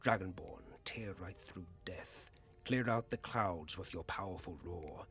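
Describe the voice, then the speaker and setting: A man's voice: deep voice, measured pace, a bit bright, soft background music, voice pushed down. A man putting on an old man's voice to read an epic poem in a grave chant, slipping into whispers, his voice weak and strained.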